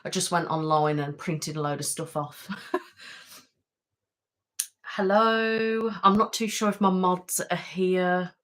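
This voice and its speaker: Chatty West Midlands woman, low voice. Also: flat delivery, normal speed, a bit bright. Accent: West Midlands English. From West Midlands of England. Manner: chatty, rambling, self-deprecating, many ums. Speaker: ASMR channel host. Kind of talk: casual live-stream chat. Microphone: webcam setup at home.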